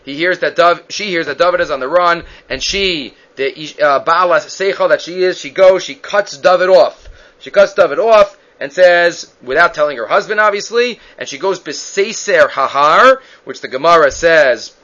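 Male teacher giving a Bible lesson, bright voice, lively retelling that plays out the speakers, muffled lo-fi recording. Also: a little high, moderate pace. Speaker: Torah teacher. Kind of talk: Bible class lecture. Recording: dull lo-fi recording.

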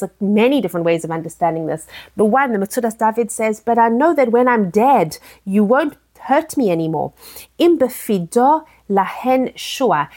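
A woman with a mid-range voice teaches a text study lesson. She reads each verse aloud, then explains it earnestly. She pauses on fillers and restarts her sentences often. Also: medium pitch.

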